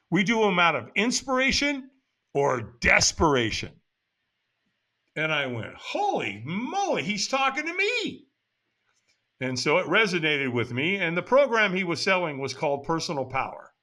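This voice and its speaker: An older man from the United States, a podcast guest, telling a personal story in conversation and acting out the dialogue as he goes. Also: fairly high pitch. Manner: animated, acts out quoted dialogue in the story.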